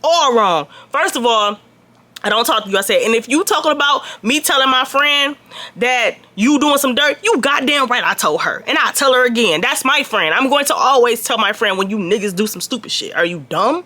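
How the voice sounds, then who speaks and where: A woman telling a personal story to her viewers in a casual vlog, blunt and profane, swinging between loud outbursts and quiet asides. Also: a little high, moderate pace. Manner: animated, swings loud and soft.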